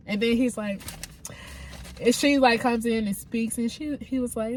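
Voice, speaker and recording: A woman's voice: on the high side, a little slow, long pauses. A woman with a cold and a congested voice talks her viewers through a reality show recap. She is chatty and frank, and she takes her time. There is a light hiss in the background. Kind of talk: casual recap commentary.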